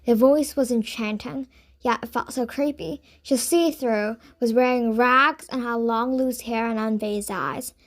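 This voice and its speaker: A woman's voice: on the high side, measured pace. Woman reading a children's story aloud. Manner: expressive read-aloud. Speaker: audiobook reader. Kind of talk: storybook narration.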